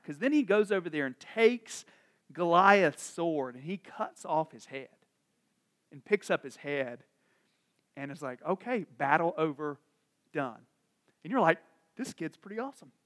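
Man, high voice, casual sermon, chatty storyteller, acts out lines. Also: lively intonation, a bit bright. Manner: chatty, acts out the characters' lines in quick asides. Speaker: preacher.

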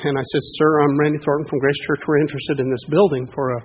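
Husky middle-aged pastor telling a story. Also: male voice, a little high, fast. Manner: folksy, animated storytelling with excited rises. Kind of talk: storytelling sermon. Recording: dull lo-fi recording.

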